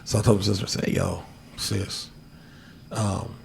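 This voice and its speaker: Guy with a gravelly voice rambling through a crazy story, swears a lot, says yo every other line, faint hiss behind. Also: lowish voice, unhurried. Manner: profane, animated storyteller, says "yo" constantly. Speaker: podcast host. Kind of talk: casual storytelling chat.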